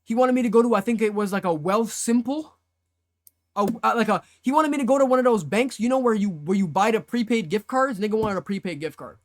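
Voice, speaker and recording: A man's voice: high-pitched, a little fast. A young man streamer telling a story to his live chat in casual slang, acting out his own past reactions.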